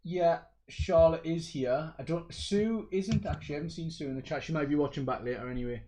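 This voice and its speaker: A man hosting a casual livestream chat, excitable and rambling, poking fun at himself. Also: on the high side, brisk, a little hiss or hum. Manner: excitable, rambling, self-mocking. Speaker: livestream host.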